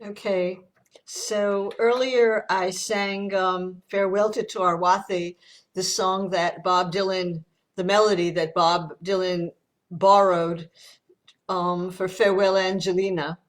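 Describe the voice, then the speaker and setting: A woman's voice: mid-range voice, flat delivery, slow. Woman introducing her song. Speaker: singer. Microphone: video call.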